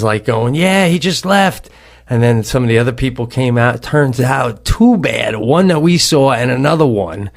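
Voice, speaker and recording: Man telling a rambling story. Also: a little high. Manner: animated rambling storyteller, swears, restarts sentences. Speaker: podcast co-host. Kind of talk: casual storytelling.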